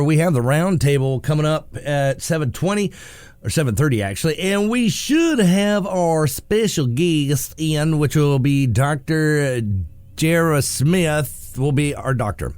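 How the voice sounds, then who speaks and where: A man hosting a morning talk radio show, sarcastic and quick to laugh as he comments on the news. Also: a little high, smooth, dry recording, clean studio sound. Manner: joking and sarcastic, laughs often. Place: radio studio.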